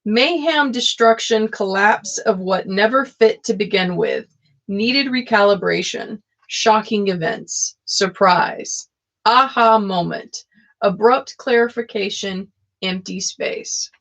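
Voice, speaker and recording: Gravelly, giggly woman reading tarot live. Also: mid-range voice, slow pace, fairly bright tone. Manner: giggly, playful, often breaks into laughter. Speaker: live-stream tarot reader. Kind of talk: casual live-stream chat with tarot reading.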